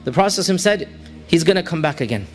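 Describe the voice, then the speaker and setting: High-voiced man telling a religious story. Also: rapid-fire. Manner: animated storyteller, quoting figures, switching into Arabic recitation. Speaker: Islamic preacher.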